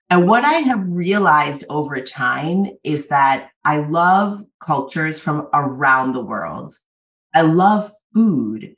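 A woman guest on a podcast, a dietitian, answering in a thoughtful, measured way over a video call. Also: low-pitched, fairly bright tone. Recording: roomy video call audio, distant mic.

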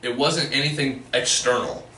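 Bright-voiced young man, reflective. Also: medium pitch, fairly even intonation, normal speed. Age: 20s. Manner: reflective, heavy use of "like". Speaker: podcast host. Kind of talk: casual interview chat. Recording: echoey room, mic at a distance, faint noise.

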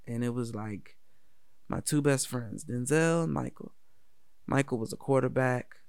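Gravelly laid-back man from D.C. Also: mid-range voice, unhurried, a little mellow, dry recording, studio quality. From Washington, D.C. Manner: laid-back, profane, laughs often. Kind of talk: casual personal storytelling.

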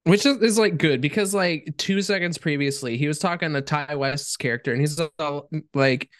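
A man's voice: fairly high pitch, moderate pace, few pauses, fairly bright tone, no room sound, clean studio sound. A man appearing as a guest on a podcast, reacting to a film in a casual, blunt and profane way. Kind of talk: casual film review chat.

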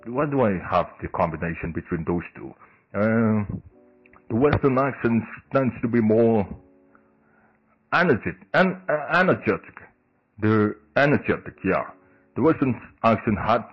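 A man hosting a casual solo podcast in English, halting, with many fillers and restarts. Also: lowish voice, animated, husky, highs cut off, soft background music. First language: Indonesian. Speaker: podcast host.

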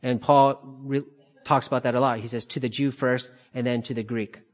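A man teaching a Bible study, calmly explaining passages and repeating key phrases for emphasis. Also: mid-range voice, fairly quick.

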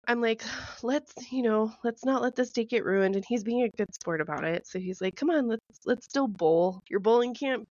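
A young woman telling a dating story in casual chat, self-mocking and animated. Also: on the high side, moderate pace, no room sound, muffled recording. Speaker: podcast co-host.

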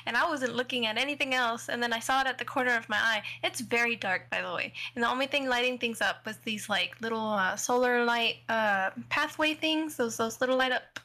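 Bright, high-voiced young woman, excitable. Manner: swearing, excitable, rapid asides. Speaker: podcast co-host. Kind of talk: casual chat.

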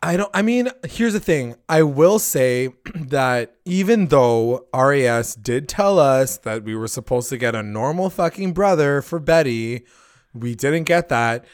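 A man's voice: mid-range voice, a little slow, dry recording, clean studio sound. Casual swearing male podcast recapper. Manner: animated, swears a lot, acts out characters' lines. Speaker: podcast host recapping a TV episode. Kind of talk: casual chat.

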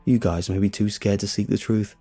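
A man's voice: on the low side, steady tone, a little fast, warm tone. A man narrating a horror story, voicing a brash, reckless young man who teases his friends. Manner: mocking, brash. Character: cocky reckless young man, teasing show-off. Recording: faint music behind.

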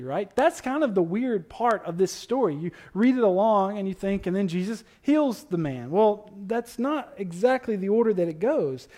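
A man preaching a sermon in a conversational way, with asides and quick self-corrections. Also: sits high, darkish tone. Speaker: pastor.

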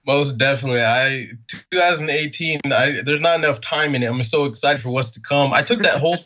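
A man's voice: mid-range voice, a little fast, highs cut off, slight background noise. A man from California, a podcast guest, telling a story in a casual interview and acting out the quoted dialogue. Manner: animated, acts out quoted dialogue.

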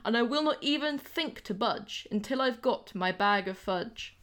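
A woman's voice: on the high side, expressive, normal speed, fairly bright tone, voice pushed up. A woman voicing a vain, boastful male donkey pretending to be a lion, in a pompous, proclaiming manner.

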